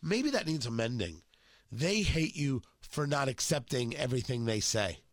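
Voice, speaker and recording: Emphatic talk host with a sore throat. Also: male voice, mid-range voice, sing-song, normal speed, dry recording, clean studio sound. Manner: emphatic, mocking, punchy phrasing. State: has a cold and a sore throat. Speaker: radio talk show host. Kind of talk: opinionated political monologue.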